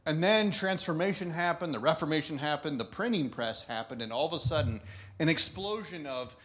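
A man's voice: fairly high pitch, animated, a little fast, a bit bright. A man preaching a conversational sermon, laughing often and restarting thoughts as he goes. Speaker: pastor.

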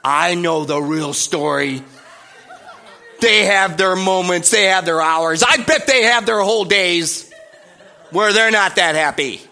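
A man preaching a sermon in a playful, animated way, acting out little voices and sounds. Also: sits high, unhurried, creaky, faint music behind.

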